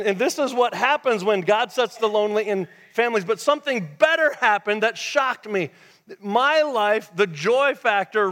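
A male pastor preaching a sermon in church, telling a lively story and dropping to a hush for emphasis. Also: high-pitched. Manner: animated storytelling, swings from loud to hushed. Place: church sanctuary.

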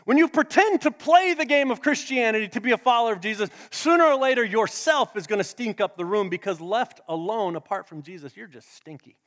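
A male pastor preaching a sermon to a live congregation, dramatic, swinging between loud emphasis and hushed asides. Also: high-pitched, animated, fairly quick, hardly any pauses. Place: church sanctuary with a live congregation. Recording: long church hall reverb.

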